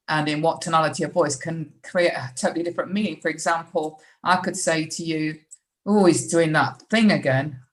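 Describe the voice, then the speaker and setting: A woman hosting a podcast who asks questions and explains her points in a measured way. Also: on the low side, rough recording. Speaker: podcast host. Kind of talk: casual conversation.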